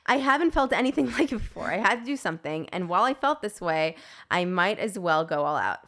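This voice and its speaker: A young adult woman in casual podcast chat, reading a story aloud with dry, deadpan asides. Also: medium pitch, a little fast. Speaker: comedian guest.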